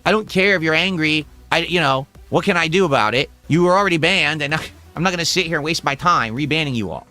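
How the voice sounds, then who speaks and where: A man with a fairly high, bright and forceful voice talks to his livestream chat in a blunt, exasperated rant and swears freely. Faint music plays underneath. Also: fast. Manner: blunt, profane, exasperated ranting. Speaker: livestream host. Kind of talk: casual livestream talk to chat. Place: at home.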